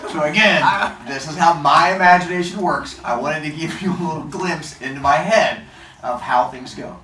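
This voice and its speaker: A male teacher reading a novel aloud to his class, then discussing it in an animated, jokey way and acting out the scenes. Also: on the high side, normal speed, reverberant, very noisy.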